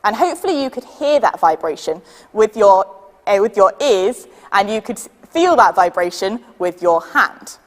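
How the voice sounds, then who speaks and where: A woman with a British accent leading a children's science demonstration, patient and lively, counting down for the audience to join in. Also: medium pitch, moderate pace, big-room sound. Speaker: science workshop leader.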